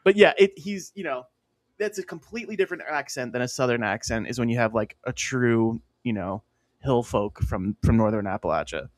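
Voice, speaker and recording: A man's voice: medium pitch, animated, fairly quick, no echo. Male co-host from Pennsylvania, loose rambling teller, frequent laughter, dead-dry recording. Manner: rambling storyteller, laughs often. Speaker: podcast co-host. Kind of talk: casual podcast banter.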